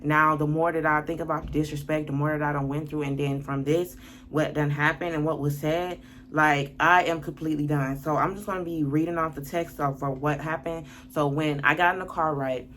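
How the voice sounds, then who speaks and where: A woman's voice: low-pitched, steady tone, brisk, fairly bright tone, a little hiss or hum. A woman telling a personal story on her vlog in a blunt, profane, worked-up way. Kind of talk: casual storytime monologue.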